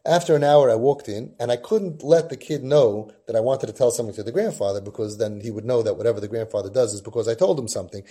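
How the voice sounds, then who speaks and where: Male podcast host, warm and husky, storytelling talk peppered with Yiddish and Hebrew. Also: mid-range voice, fast, hardly any pauses. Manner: tells a long personal story with Yiddish and Hebrew terms. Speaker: podcast host and parenting guide.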